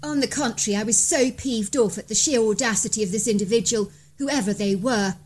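A woman narrating a scripted first-person bedtime story, slowing down and rising in pitch at tense moments. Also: darkish tone, breathy edge.

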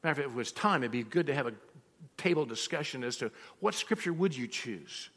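A man's voice: medium pitch, animated, fast, a bit bright. A man preaching a sermon as a pastor, telling personal stories and acting out both sides of conversations. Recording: reverberant hall.

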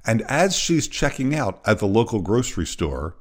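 Animated male storyteller, low voice. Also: moderate pace. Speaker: podcast host.

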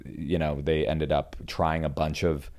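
A man hosting a comedic history podcast, telling the story in a loose, animated way. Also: extremely low pitch, a little slow. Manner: animated storytelling, jumps into silly voices. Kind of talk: casual comedic history chat.

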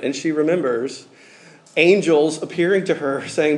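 A man's voice: fairly high pitch, measured pace, darkish tone. A man giving a casual, conversational sermon, talking informally with many fillers like "like" and "um".

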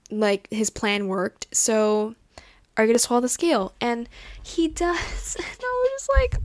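A woman's voice: medium pitch, creaky, dry recording. A young woman hosting a casual show, gushing and rambling emotionally with many restarts. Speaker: podcast host. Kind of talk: casual chat.

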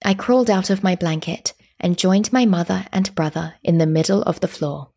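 A woman narrating a historical story in the first person, calm and measured. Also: on the low side.

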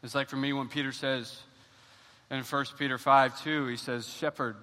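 A young adult man, a pastor, preaching an animated sermon with a personal story in a church, often repeating words as he talks. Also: medium pitch, normal speed. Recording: long church hall reverb.

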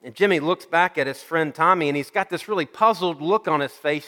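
Man preaching a sermon in a reverberant hall. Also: fairly high pitch. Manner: storytelling, slowing and softening for emphasis. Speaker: pastor.

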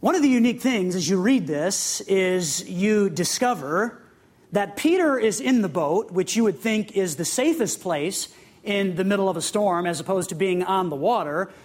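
A preacher delivering a sermon in an easy, conversational way. The voice sits at an ordinary middle pitch, moving between scripture reading and light asides. Questions are put straight to the listeners. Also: expressive, normal speed. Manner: conversational, with humorous asides and laughs; asks the audience direct questions.

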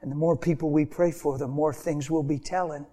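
Male preacher, high voice, impassioned sermon storytelling, loud to hushed. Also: brisk. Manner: impassioned, swings from loud animated storytelling to hushed intimate tones.

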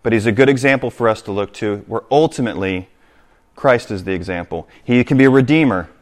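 Low-voiced male preacher. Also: fairly quick. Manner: reads scripture aloud, then explains it with direct appeals to the congregation. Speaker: pastor. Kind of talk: sermon.

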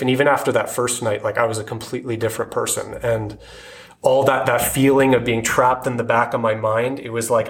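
Earnest man with a flat, halting voice. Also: mid-range voice. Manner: earnest, halting, with many restarts and fillers. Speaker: guest sharing his testimony. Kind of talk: personal faith testimony.

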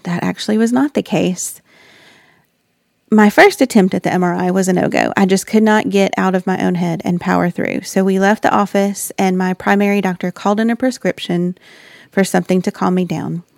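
Earnest woman with a gravelly edge. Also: mid-range voice, steady tone, brisk, dry recording, clean studio sound. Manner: earnest, reflective, with soft laughs. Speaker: wife and mother sharing a personal story. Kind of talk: personal faith testimony.

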